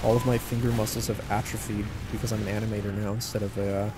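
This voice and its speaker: A man with a lowish, fairly flat voice talks fast, rambling through casual YouTuber-style gameplay commentary full of jokes at his own expense. Game gunfire and noise sit over his voice.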